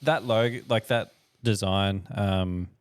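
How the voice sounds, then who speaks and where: A man's voice: on the low side, slow, clean tone, no echo. A man, the podcast guest, talking about his drinks brand in a laid-back, agreeable casual chat. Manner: laid-back, agreeable, lots of short "yeah"s.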